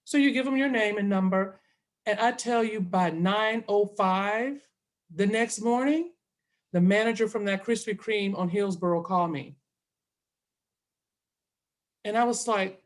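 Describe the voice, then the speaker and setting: A woman's voice: a little high, a little slow. Woman, middle-aged, chatty interview guest, acts out both sides of the story. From Southern US. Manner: animated, quotes herself and others in dialogue. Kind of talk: casual storytelling.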